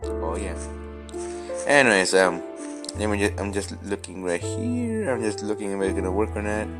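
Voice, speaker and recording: A man's voice: on the low side, animated, moderate pace, music in the background. Rambling young man chatting over gameplay. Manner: rambling, many restarts and stammers. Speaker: gaming vlogger. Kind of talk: casual chat while playing.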